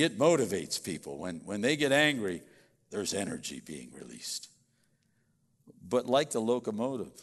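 A male pastor preaches in a loose, conversational way, stumbling through restarts and slipping into little acted-out quotes. His voice sits at an ordinary middle pitch. A long reverb from a big hall trails behind every phrase. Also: creaky. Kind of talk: sermon.

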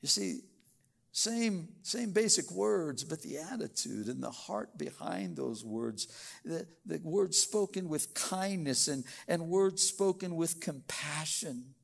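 A man preaching a sermon in church, folksy, acting out little everyday scenes in quick voices. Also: on the high side, expressive, gravelly. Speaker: pastor.

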